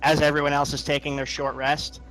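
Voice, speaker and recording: Guy player, slightly high voice, trips over words a bit. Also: monotone, a little fast, fairly bright tone, faint music behind, low-quality recording. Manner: describes his character's actions, stumbles over words. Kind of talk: casual tabletop game chat.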